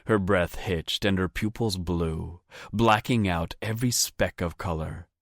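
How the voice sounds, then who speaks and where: Very deep-voiced male romance narrator. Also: a little slow, no echo, studio quality. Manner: low, intimate, frequent swearing. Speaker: audiobook narrator. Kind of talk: first-person romance narration.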